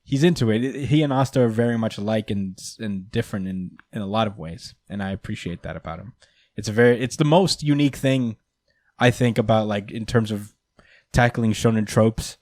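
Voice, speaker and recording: A man's voice: on the low side, brisk, a little mellow, no echo. A young man hosting a casual podcast chat, rambling and hedging with fillers like "um" and "like" as he thinks aloud. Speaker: podcast host.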